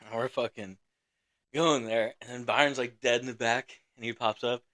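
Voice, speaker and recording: A man's voice: medium pitch, fairly even intonation, moderate pace, a bit bright. A young man in his twenties, a podcast co-host, telling a long casual story, laid-back and profane, laughing as he goes.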